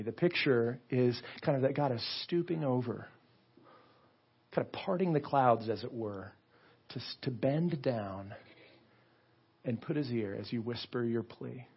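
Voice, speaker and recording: A man's voice: mid-range voice, measured pace, breathy edge, dull audio. A male pastor preaching a sermon in an earnest, conversational way, often repeating his words. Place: church sanctuary.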